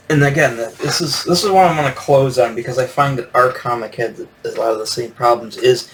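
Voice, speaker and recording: A man's voice: mid-range voice, fairly bright tone. A man hosting a solo comics review podcast, talking casually and rambling, with lots of fillers and restarts. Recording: distant from the mic with faint noise.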